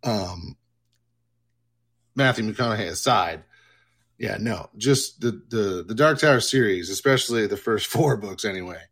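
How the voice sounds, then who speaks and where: A man hosting a livestream, chatting casually in a rambling, excitable way and swearing freely. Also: on the low side, measured pace, husky. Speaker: livestream host.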